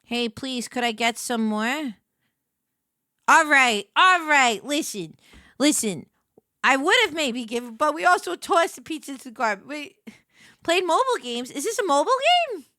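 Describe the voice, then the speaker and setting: A young woman streamer giving casual gameplay commentary, excitable and talking to herself, shouting when flustered. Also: sits high, normal speed.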